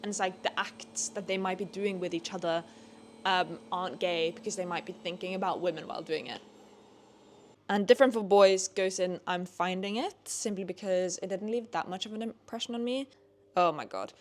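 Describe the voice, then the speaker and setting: A young woman doing a casual book review vlog, chatty and full of "like", swearing freely and rising into animated rants. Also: fairly low pitch, moderate pace, slight background noise. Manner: chatty, heavy use of "like", swears when annoyed; animated, rising into ranting bursts. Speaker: book vlogger.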